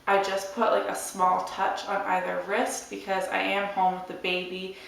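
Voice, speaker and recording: A young woman chatting to camera about her monthly favourites, hoarse and losing her voice, rambling in a relaxed way. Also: medium pitch, normal speed. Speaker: beauty vlogger. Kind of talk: casual chat to camera. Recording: echoey room, mic at a distance.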